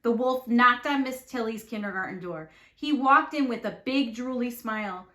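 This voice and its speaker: A woman teacher reading a storybook aloud with expressive, animated narration. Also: on the high side, normal speed. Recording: echoey room.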